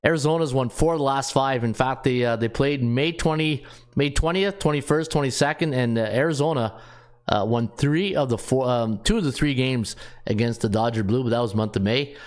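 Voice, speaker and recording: A man's voice: medium pitch, fairly quick, smooth. A man hosting a sports betting show, running through his picks in a casual way, thinking aloud and reading off stats with lots of fillers.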